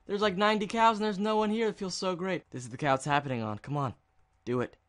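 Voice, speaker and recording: Guy with kinda high voice doing goofy excitable game commentary. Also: fast. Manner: excitable, jokey, mock-dramatic outbursts. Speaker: gaming video creator. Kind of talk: casual gameplay commentary.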